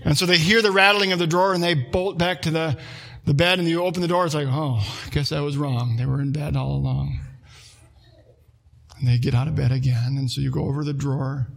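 Man, pastor, sermon, conversational storytelling, fairly high voice. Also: vocal fry. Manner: conversational, storytelling with acted quotes.

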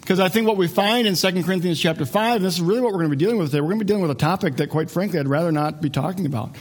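A man's voice: high-pitched, racing. A man preaching a sermon as a pastor, conversational and joking, often restarting his sentences.

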